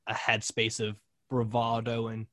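A man's voice: fairly low pitch, unhurried, no room sound, clean studio sound. A man hosting a podcast interview, chatting casually with lots of fillers. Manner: relaxed, lots of "like" and short agreements. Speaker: podcast host, musician.

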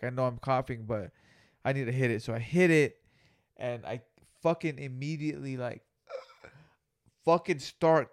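A man's voice: medium pitch, clean tone. Laid-back young man swapping stories. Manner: laid-back slangy, heavy swearing. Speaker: podcast co-host. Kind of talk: casual storytelling chat.

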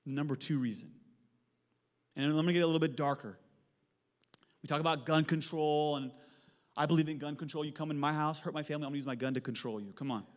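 A man, preaching a sermon in a church, telling stories with animated swings from loud to hushed. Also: fairly high pitch, fast, long pauses. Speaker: pastor. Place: church sanctuary. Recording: long hall reverb.

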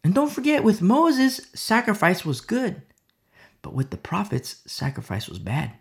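Gravelly, emphatic male Bible teacher. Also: sits high, huge pitch swings, unhurried. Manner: emphatic, repeats rhetorical questions, drops to whispers. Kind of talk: sermon-style Bible study.

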